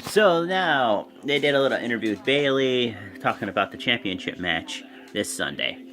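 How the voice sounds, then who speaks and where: A man rambles through a casual wrestling recap in a voice of ordinary pitch. He gets excitable and swears freely as he goes. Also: normal speed. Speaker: wrestling show reviewer.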